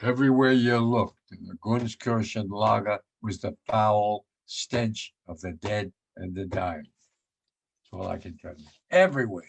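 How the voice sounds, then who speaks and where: Veteran in his nineties, gravelly voice, giving plain, vivid war testimony. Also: a little slow. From United States. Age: 90s. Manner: blunt and vivid, voice sinks low and quiet when moved.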